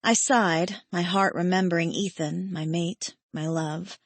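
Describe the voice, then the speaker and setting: A woman narrating a romance audiobook in first person, gentle and wistful. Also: lowish voice, fairly even intonation, unhurried, dry recording. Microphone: studio mic.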